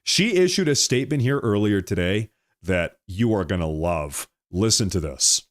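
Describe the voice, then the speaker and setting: A man's voice: lowish voice, animated, normal speed, slight background noise. A man hosting political commentary, ranting heatedly and firing off repeated rhetorical questions.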